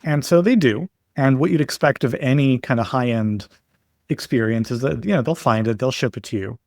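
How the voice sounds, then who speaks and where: A man as a podcast guest, explaining his ideas in a steady way with stories and examples. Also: mid-range voice, brisk, dry recording, studio quality. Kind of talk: explanatory interview talk.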